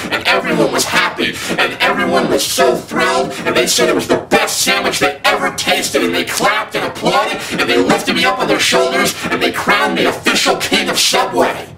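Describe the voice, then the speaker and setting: Man, comedic rant, sarcastic and profane, slightly high voice, roomy echo, distant mic, loud music. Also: sing-song, normal speed, creaky, few pauses. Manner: sarcastic, profane, switches into mock voices for others. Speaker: comedic vlogger telling a story. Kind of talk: comedic rant with acted dialogue. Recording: echoey room, heard from a distance, loud music behind.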